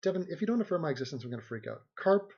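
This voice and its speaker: Male streamer, husky voice, rambling jokey delivery, muffled lo-fi audio. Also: on the high side, sing-song, racing. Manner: rambling, joking, reads viewer comments aloud. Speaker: livestream host. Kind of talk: casual livestream chat.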